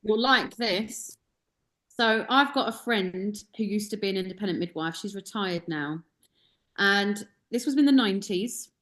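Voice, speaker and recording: A woman's voice: mid-range voice, a little slow, a bit bright. A woman in a casual group discussion, telling a story animatedly and acting out the quoted speech.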